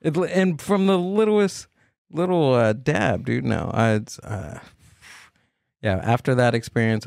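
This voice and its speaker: A man's voice: mid-range voice, lively intonation, a little slow, gravelly, darkish tone, dry recording, studio quality. A man chatting casually on a podcast, laid-back and joking along. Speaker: podcast guest.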